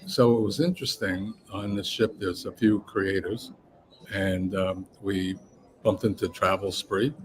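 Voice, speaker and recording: Deep-voiced man, hesitant livestream cohost. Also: fairly even intonation, unhurried. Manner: backchannels a lot, hesitant with ums and uhs. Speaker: cohost of a cruise travel livestream. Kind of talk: casual live chat.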